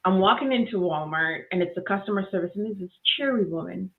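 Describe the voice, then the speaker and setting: A woman telling a lively story about kindness as a guest on a video call, laughing often and acting out voices. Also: on the low side, quick pace, vocal fry. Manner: animated, laughs often, acts out voices in stories. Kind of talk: casual storytelling. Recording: tinny phone-like line.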